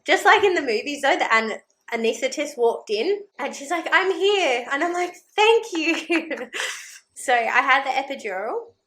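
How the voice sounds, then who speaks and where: A woman's voice: sits high, fairly quick. A young woman, chatting as a podcast guest and animatedly acting out the people in her story. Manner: animated storyteller, acts out quoted voices, laughs. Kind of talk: casual chat.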